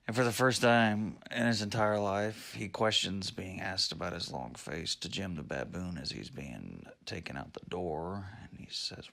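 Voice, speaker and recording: A man's voice: low voice, lively intonation, measured pace, gravelly, a bit bright. A man telling a made-up joke story in a rambling, offhand way. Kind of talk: improvised story narration. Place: at home.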